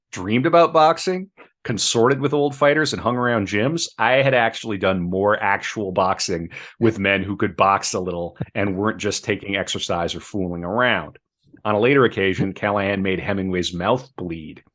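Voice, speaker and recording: A man reading book passages aloud on a podcast, measured, with chatty asides between. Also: fairly low pitch, a bit bright.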